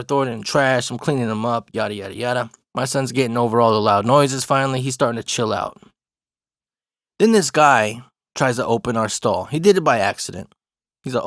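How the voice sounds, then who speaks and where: A man's voice: mid-range voice, a bit bright, dry recording, studio quality. A young man telling a rambling, profane restroom story in a casual storytime monologue, laughing as he goes. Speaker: vlogger.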